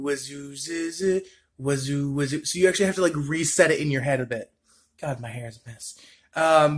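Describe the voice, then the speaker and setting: A man vlogging casually to camera, rambling and chatty, laughing at himself as he repeats tongue twisters over and over. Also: on the high side.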